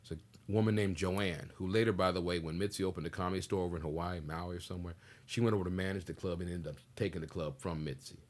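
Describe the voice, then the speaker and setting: Older male comic from the Pacific Northwest, low husky voice, rapid slangy storytelling. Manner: animated, slangy storyteller acting out dialogue. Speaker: stand-up comedian guest. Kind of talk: casual storytelling interview.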